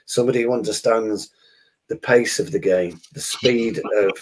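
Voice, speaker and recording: A man co-hosting a football podcast, talking thoughtfully with many pauses and fillers. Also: on the low side. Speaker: podcast co-host. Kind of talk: casual football podcast chat.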